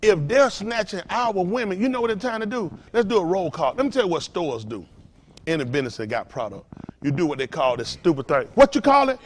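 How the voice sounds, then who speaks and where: A male pastor preaching to his congregation with call-and-response, firing rhetorical questions and swinging between loud emphasis and hushed lines. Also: sits high, big pitch swings, a little fast, slight background noise.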